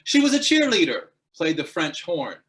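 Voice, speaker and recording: A man's voice: on the high side, moderate pace. A man performs a humorous speech about a teenage crush, timing his punchlines. His voice swings widely up and down as he plays up each moment. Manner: animated, punchline-driven storytelling. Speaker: guest speaker.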